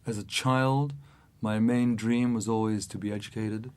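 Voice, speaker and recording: A man softly quoting a famous male boxer who addresses a lecture hall in a quiet, gentle voice. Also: medium pitch, slow.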